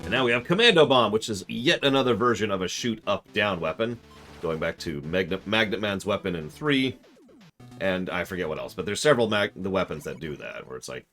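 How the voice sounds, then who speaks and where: A low-voiced man chatting casually while he plays a video game on stream. His tone swings up and down a lot as he rambles, stops himself and answers viewers. Soft game music plays faintly behind him. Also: animated, a little fast. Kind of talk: casual live-stream commentary.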